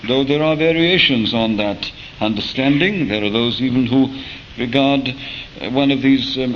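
A man preaching a sermon, speaking in a measured way with rhetorical questions and occasional hesitations. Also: mid-range voice, a bit bright, dull audio, a little hiss or hum.

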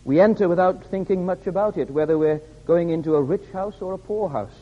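A man's voice: high voice, brisk. A man preaching a sermon in a church, stressing points by repeating his words. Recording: reverberant hall, dull lo-fi sound.

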